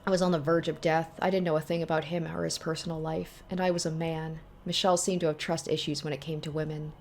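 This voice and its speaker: A woman's voice: low-pitched, flat delivery, fast talker, darkish tone, a little hiss or hum. A woman reading aloud the lines of a bitter, dying young man in a visual novel.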